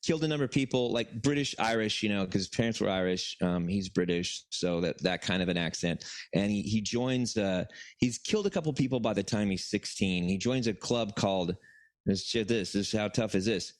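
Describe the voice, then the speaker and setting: A man's voice: lowish voice, normal speed, no echo. Rambling, profane male podcast storyteller. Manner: rambling, profane, lots of fillers and restarts. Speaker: podcast co-host. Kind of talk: casual comedic storytelling.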